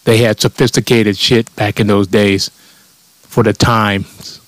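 A man's voice: on the low side, flat delivery, measured pace, no room sound. A man delivering a blunt, profane comedic rant and mocking his critics.

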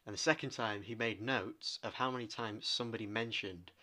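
A man co-hosting a podcast, retelling things in a rambling, animated way. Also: lowish voice, brisk. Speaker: podcast co-host. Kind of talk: casual chat.

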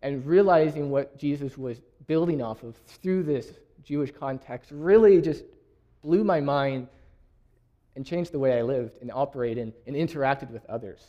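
A man's voice: fairly high pitch, dark tone, dull audio. A young man from Canada giving a sermon, reading scripture aloud and laughing often. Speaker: preacher.

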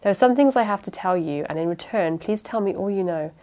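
A woman reading the part of a youngish male detective who presses his questions in a measured, insistent way. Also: mid-range voice, lively intonation, dark tone, natural voice. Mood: probing.

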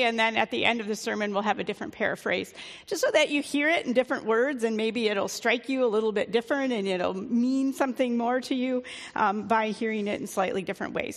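A woman pastor preaching in an easygoing, conversational way, with a few fillers along the way. Her voice sits a little high for a woman, and a long reverb trails after her words, as in a church sanctuary. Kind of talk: sermon.

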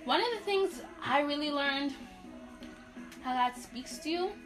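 A woman's voice: high voice, animated, a little slow, music in the background. A woman from Haiti, co-hosting a podcast in casual chat, laughing often and talking while eating. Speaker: podcast co-host.

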